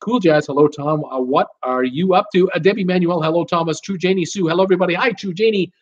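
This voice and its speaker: A chatty man, fairly high-pitched, reads viewer comments aloud on a live stream. His talk is casual and full of "uh" fillers. The audio is a little dull, like a desktop mic on a stream. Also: fast. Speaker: host of a live cruise Q and A stream.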